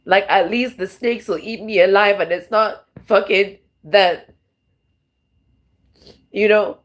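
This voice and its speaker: A woman's voice: medium pitch, takes it slowly. A woman tarot vlogger talking to camera in a raw, rambling, emotional monologue, swearing often and restarting her sentences.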